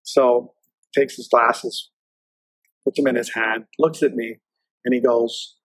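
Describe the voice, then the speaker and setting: A man's voice: medium pitch, level tone, slow, pauses often, fairly bright tone, slightly rough, no room sound, low-quality recording. A man in his fifties, a federal agent guest telling stories casually in an interview, with a loose, filler-heavy way of talking.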